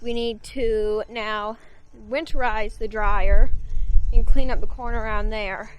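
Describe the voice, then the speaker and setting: A woman in her thirties talks straight to a handheld camera on a windy farm, chatty and plain-spoken as she walks through the day's work. Her voice sits a little high. A soft outdoor hiss runs under it. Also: steady tone, slow, rough recording. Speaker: farm vlogger, host. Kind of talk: casual vlog narration.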